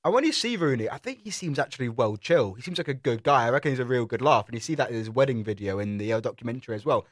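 A man's voice: medium pitch, lively intonation, very fast, hardly any pauses, no room sound, clean studio sound. A man with a British accent, co-hosting a review podcast, chatting casually with British slang. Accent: British English. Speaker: podcast co-host. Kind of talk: casual chat.

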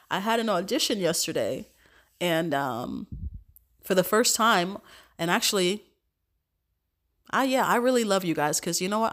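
A woman with a stuffed-up cold, hosting a podcast, speaking an earnest evening prayer and then chatting casually, repeating phrases and sometimes dropping to soft whispers. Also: lowish voice, vocal fry. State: congested from a cold. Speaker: podcast host.

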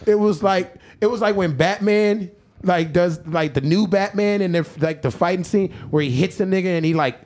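A man with a somewhat higher voice tells a story in casual podcast chat. He is animated and profane. He often breaks into laughter as he goes. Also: moderate pace. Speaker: podcast guest or host.

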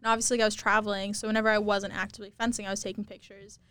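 A woman's voice: medium pitch, level tone, very fast, fairly bright tone, no echo. A young woman guest in a casual podcast interview, telling stories chattily with constant fillers, in a campus studio. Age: young adult.

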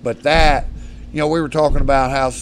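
Rough-spoken man spinning rambling stories. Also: mid-range voice, steady tone, brisk, a little hiss or hum. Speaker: podcast guest, predator hunter. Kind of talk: casual storytelling. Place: studio.

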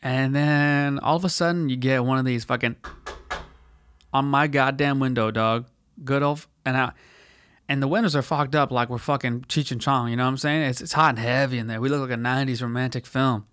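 A man's voice: mid-range voice, fairly even intonation, brisk, a bit bright, dry recording, clean studio sound. A man hosting a podcast, telling a story in a casual, profane, slangy way and acting out quotes in put-on voices. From United States. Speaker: podcast host.

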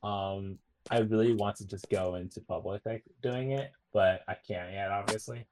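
A young man talks loosely on a podcast, winding through stories with plenty of fillers and restarts. His voice sits a little low. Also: fairly even intonation, moderate pace, background noise. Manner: rambling, filler-heavy storytelling. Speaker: podcast co-host. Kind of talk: casual chat.

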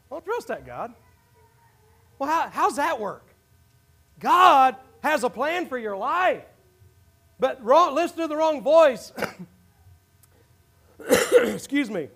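A pastor with a very high voice preaches a passionate sermon, apparently at a church service before a congregation in the sanctuary. He swings between near-shouted declarations and hushed, low asides.

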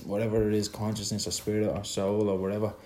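An Irish man speaking reflectively in a conversation, halting and repeating words as he searches for them. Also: fairly low pitch, flat delivery, dark tone. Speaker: son in a conversation.

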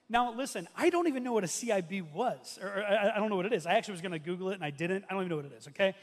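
A man's voice: high voice, very fast. A man in his thirties preaching as a pastor from a church stage, telling a story in a loose conversational way full of restarts and fillers. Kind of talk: sermon. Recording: long hall reverb.

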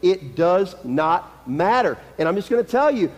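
High-voiced preacher in an echoing hall. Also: male voice, sing-song, a little slow. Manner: conversational, emphatic, repeats key phrases. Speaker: pastor. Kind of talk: sermon. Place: church sanctuary.

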